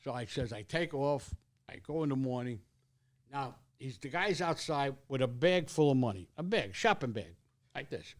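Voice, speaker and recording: A man's voice: medium pitch, lively intonation, moderate pace. An older man, telling a rambling, profane story as a guest in casual chat, repeating words as he goes.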